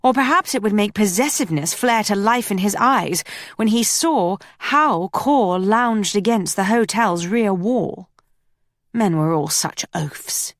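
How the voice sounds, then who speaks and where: Female audiobook narrator, measured and steady, dry close recording. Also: mid-range voice, no echo. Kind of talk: scripted narration.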